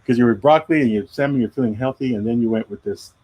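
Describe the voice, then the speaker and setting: A man's voice: mid-range voice, quick pace, breathy edge, dull audio. A middle-aged man chatting casually on a live drawing stream, rambling and self-deprecating. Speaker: comic artist hosting a live drawing stream. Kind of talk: casual chat.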